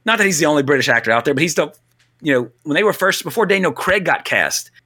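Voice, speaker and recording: A man co-hosting a casual film talk, blunt and animated, swearing now and then. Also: on the high side, fast talker, husky. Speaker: podcast co-host.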